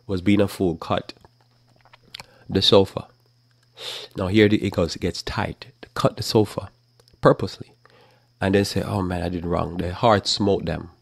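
A man preaches Bible commentary in a forceful, scolding way, now and then mocking the people he argues against. His voice sits low with a gravelly edge, and the recording is dry and close. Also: no room sound. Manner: casual speech with repeated restarts. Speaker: preacher hosting a live talk program.

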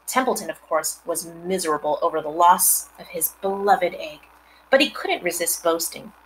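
A woman reading a children's novel aloud, expressive, with chatty asides to her listeners. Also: fairly low pitch, normal speed, a little hiss or hum, rough recording. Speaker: reader.

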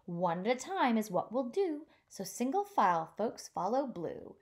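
Hearty storybook mayor giving a speech, played by a woman; lifted and lively. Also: on the high side, measured pace. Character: grateful, cheerful male town mayor.

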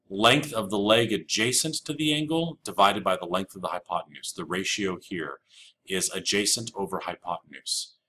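A man's voice: fairly low pitch, pushed and bright, a little hiss or hum. A man teaching a recorded geometry lesson, explaining step by step and repeating the key rules with casual fillers. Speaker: math teacher. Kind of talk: recorded flipped-classroom lecture.

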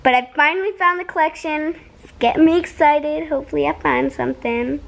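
A woman's voice: high-pitched, fairly even intonation, fairly quick, vocal fry. A young woman chatting casually in her vlog, bubbly and gushing, often giggling. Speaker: vlogger.

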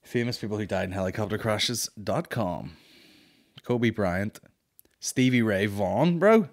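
A man's voice: on the low side, lively intonation, measured pace. A man hosting a comedy podcast, chatting casually in a profane, rambling, mocking way.

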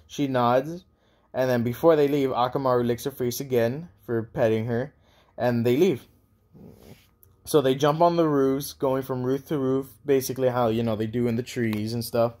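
A man improvising a fan story narration, halting, with many ums and restarts. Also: mid-range voice, fairly even intonation, a little mellow.

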